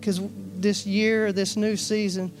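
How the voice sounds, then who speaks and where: A man's voice: high voice, little pitch movement, slow pace, soft background music. A man preaching in a church, folksy and storytelling, acting out bits of dialogue. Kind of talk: sermon with personal stories. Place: church sanctuary.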